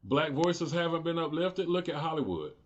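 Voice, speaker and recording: A man's voice: on the high side, expressive, moderate pace, muffled recording. A man in his forties hosting his own political commentary show, talking unscripted, heated and profane, often rising into indignant outbursts. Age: 40s.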